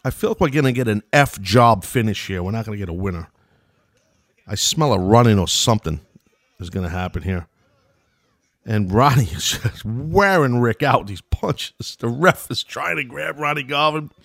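A man's voice: mid-range voice, lively intonation, normal speed, creaky, a bit bright, no echo. Middle-aged new york guy doing loose play-by-play, rambling asides, dry close sound. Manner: loose and chatty, wanders into asides. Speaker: podcast host commenting on an old wrestling match. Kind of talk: casual play-by-play commentary.

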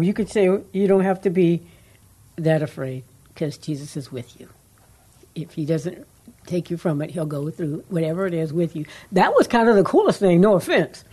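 A woman co-hosting a casual faith talk show, rambling and earnest, trailing off into soft asides. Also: lowish voice. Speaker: co-host.

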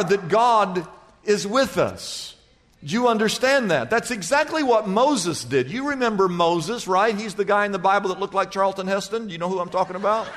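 A man's voice: high voice, fairly bright tone, in a large hall. A male pastor preaching a sermon, telling jokes and stories and quizzing the congregation. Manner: jokey storytelling, quizzing the congregation.

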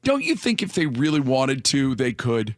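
A man's voice: medium pitch, huge pitch swings, moderate pace, no room sound, clean studio sound. A man hosting a morning radio show, chatting casually and rambling with repeated words.

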